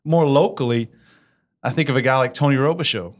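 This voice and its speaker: A man's voice: mid-range voice, fairly quick. A man in a casual interview as a guest business implementer, talking energetically and often checking for agreement. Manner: energetic, asks for agreement with frequent "right?".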